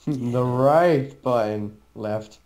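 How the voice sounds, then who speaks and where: A woman's voice: extremely low pitch, extremely slow, warm tone. A woman chatting while playing a co-op game, laughing often and protesting when teased. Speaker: gamer teammate. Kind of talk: casual gaming chat.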